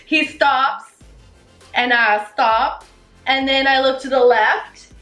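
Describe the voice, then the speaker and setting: A young woman vlogger tells her story to camera, casual, excited and gushing, packed with "you know" and "like." Her voice sits high, and the rough recording picks up an echoey room.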